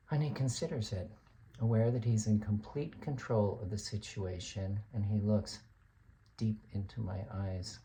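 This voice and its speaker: A man's voice: lowish voice, a little slow, dark tone, a little hiss or hum. A man performing a comic dramatic monologue as a college lecturer who vents in an exasperated storytelling manner.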